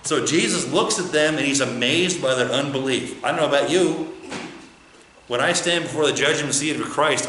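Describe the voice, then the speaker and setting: A man's voice: mid-range voice, bright, forceful tone, a little hiss or hum. A male pastor preaching a conversational sermon, full of rhetorical questions. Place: church. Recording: echoey church sanctuary.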